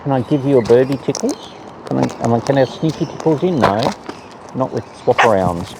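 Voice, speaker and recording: A man's voice: very animated, normal speed. A man chatting to his pet birds in a cooing, sing-song voice, recorded on a camera on a tripod. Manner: cooing, sing-song talk to birds with high squeaky swoops. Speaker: bird keeper filming his parrots. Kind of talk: casual chat to pet birds. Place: indoors among pet birds. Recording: clear background noise.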